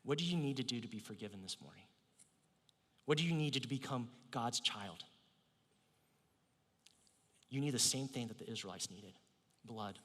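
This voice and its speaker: Guy preaching a sermon, kinda breathy, goes loud then whispery, big reverby church. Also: medium pitch, animated, normal speed, pauses often. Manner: dramatic swings between loud emphasis and near whispers. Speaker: pastor. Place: church sanctuary.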